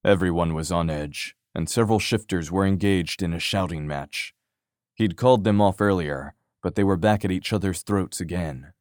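A man narrating a fantasy audiobook in a steady, even storytelling manner. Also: low-pitched, no room sound, studio quality. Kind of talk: scripted narration.

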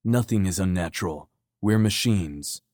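A man's voice: sits low, measured pace, a little mellow, no echo, studio quality. A man voicing a grim, terse male soldier in an audiobook, speaking in short clipped lines.

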